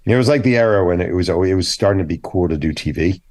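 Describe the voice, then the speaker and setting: Male author guest, low register, dry mic; animated, opinionated storyteller. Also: fast, no room sound. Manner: animated storyteller acting out quoted dialogue; blunt, opinionated. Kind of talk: casual podcast interview.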